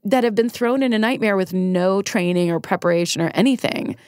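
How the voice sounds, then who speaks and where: A woman's voice: mid-range voice, fairly quick, a little mellow, smooth, dry recording, studio quality. A middle-aged woman speaking candidly and self-deprecatingly as a guest in a casual interview, often laughing as she talks. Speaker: podcast guest.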